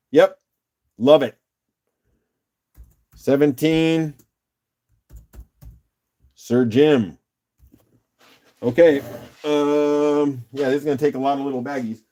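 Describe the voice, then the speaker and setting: A man's voice: medium pitch, steady tone, takes it slowly, long pauses, mellow. A man hosting a casual live-stream rock auction, upbeat and chatty, calling out bids and laughing often.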